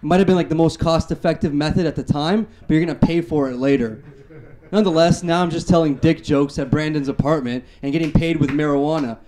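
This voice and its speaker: A young man from Canada works through a stand-up set, his voice sitting a little high. He snaps out one-liners with confident timing. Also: steady tone, fast talker, mellow. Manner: punchy one-liner delivery. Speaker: stand-up comedian.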